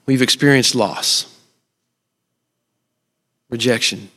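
In a large hall with long reverb, a middle-aged man delivers a church sermon at a measured pace, leaving long pauses. His medium-pitched, slightly bright voice is very animated, and his earnest, personal storytelling carries touches of humor.

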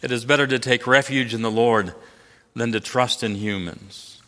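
A man preaching a sermon as pastor, animated, swinging from loud emphatic peaks to soft low asides. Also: moderate pace. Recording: long reverb of a large hall.

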